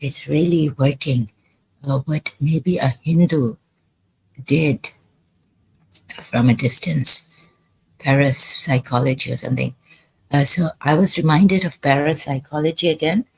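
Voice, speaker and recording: Husky, halting woman streamer. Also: low voice, darkish tone. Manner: halting, hesitant, full of pauses. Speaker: live streamer. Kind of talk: rambling livestream monologue.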